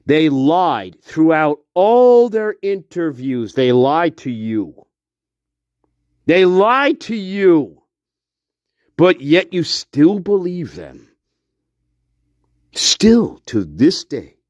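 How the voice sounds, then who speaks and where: Male true-crime ranter, high and swingy voice, slow deliberate delivery, accusatory and profane. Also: sing-song, darkish tone, no room sound. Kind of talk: angry solo rant to camera. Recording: dull lo-fi dry recording.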